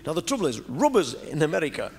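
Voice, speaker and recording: On stage before a live audience, a middle-aged stand-up comedian from Lancashire, England, tells a rambling story peppered with "you know." His fairly high, gravelly voice is very animated and quick, with the crowd audible in the noisy live recording.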